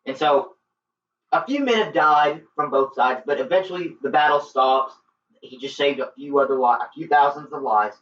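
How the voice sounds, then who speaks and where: An eager man with a fairly high, slightly bright voice talks at a normal speed, rambling through a casual movie review full of ums and restarts. He sits some distance from the mic in an echoey room, and the recording sounds dull and lo-fi with a little hiss or hum.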